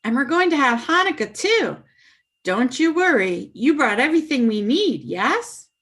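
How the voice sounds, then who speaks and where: Woman playing a grandmother, heavy accent, proud and doting, high lively voice. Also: unhurried, heavily acted. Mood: fond. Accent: heavy foreign accent.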